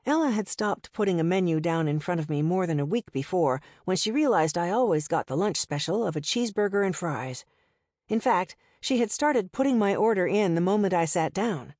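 A woman reading a novel aloud in the first person, in a steady, conversational storytelling manner. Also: on the low side, fairly quick, dry recording, studio quality. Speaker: audiobook narrator.

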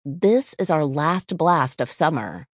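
An eager, chatty schoolboy, as a woman reader puts him on, keen for fun at a campfire. The storybook boy sits near the narrator's own low voice, and is recorded dry and close. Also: animated, slow, no room sound, full character voice.

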